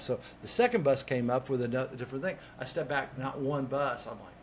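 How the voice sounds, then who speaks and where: A man, a coach and podcast guest, telling a personal story in an animated way, acting out what people said and restarting words as he goes. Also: medium pitch, brisk, hardly any pauses, a little hiss or hum. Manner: lively, acts out quoted voices, restarts words.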